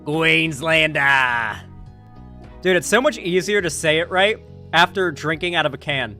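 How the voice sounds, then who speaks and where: A man's voice: high voice, a little fast, bright, forceful tone, faint music behind. A man doing casual live-stream commentary, rambling with lots of "like" and swearing freely.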